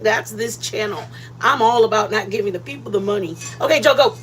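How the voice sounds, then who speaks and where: A woman's voice: mid-range voice, fairly quick, slight background noise, rough recording. A woman hosting a casual cooking livestream, rambling and greeting viewers by name. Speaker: cooking channel host.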